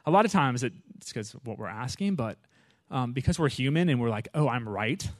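Animated conversational male preacher. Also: mid-range voice, brisk, dry recording, clean studio sound. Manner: animated, acts out his own prayers with rising intensity; informal, frequent "you know" and "right?" asides to the audience. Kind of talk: conversational sermon.

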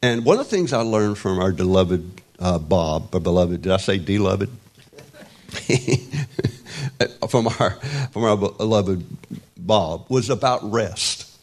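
A man in his sixties preaching an informal sermon, rambling and halting with many restarts and wry self-deprecating humor. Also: low voice, expressive, a little mellow. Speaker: pastor.

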